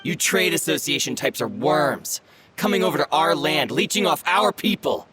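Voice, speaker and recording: An actor playing a contemptuous local thug in a video game, taunting and sneering. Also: male voice, on the high side, expressive, normal speed, background noise, close to an everyday voice.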